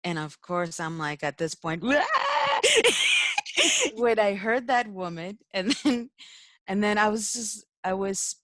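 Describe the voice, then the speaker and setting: A woman's voice: mid-range voice, a little slow, no room sound. A young woman, a spiritual teacher, telling a personal story in casual talk, emotional, laughing often and using many fillers.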